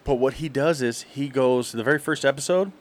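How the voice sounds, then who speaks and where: A man co-hosting a casual podcast, telling stories in quick, animated bursts and laughing often. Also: mid-range voice. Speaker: podcast co-host. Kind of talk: casual chat.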